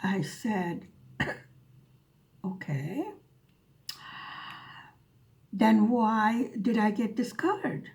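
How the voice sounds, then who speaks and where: A woman's voice: mid-range voice, expressive, drawn-out words, pauses often, darkish tone. A woman vlogger telling a story in a dry, sarcastic way as she chats over her craft. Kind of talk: casual storytelling while diamond painting.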